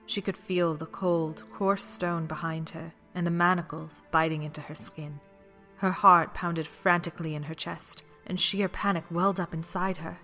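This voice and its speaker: A man giving dramatic scripted audiobook narration, dropping to a hush at tense moments. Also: sits high.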